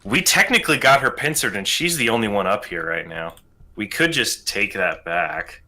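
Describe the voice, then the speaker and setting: A man with a very bright, sharp voice, chatting as a player in a tabletop game. He is excitable and cusses freely, often jumping in with quick reactions. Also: lowish voice. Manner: excitable, swears casually.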